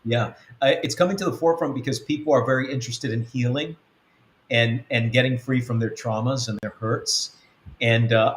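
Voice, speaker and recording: A man's voice: mid-range voice, fairly bright tone. A man, a spiritual coach and mentor, teaching conversationally in a rambling way with many ums, acting out bits of quoted dialogue. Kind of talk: conversational teaching on a web-church show. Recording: roomy echo.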